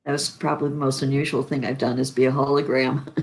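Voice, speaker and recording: A woman's voice: extremely low pitch, fast. An older woman from Chicago, an actress, telling stories in an interview and acting out the lines she quotes. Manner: animated anecdotes, acts out quoted lines. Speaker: actress guest. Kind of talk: interview storytelling.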